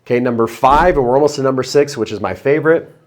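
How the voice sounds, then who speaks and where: A man teaching hypnosis in a video lesson, chatty between guided breathing cues, then slowing into a low, drawn-out voice for suggestions. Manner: drops into slow low trance voice for suggestions; conversational, upbeat between demonstrations.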